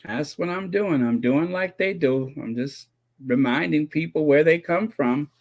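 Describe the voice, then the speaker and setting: Male streamer with a slightly high voice, chatting casually and sarcastically with his viewers. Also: unhurried, a little mellow. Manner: joking, sarcastic, laughs often, repeats himself. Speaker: host of a royal commentary channel. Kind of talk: casual live-stream chat reading comments.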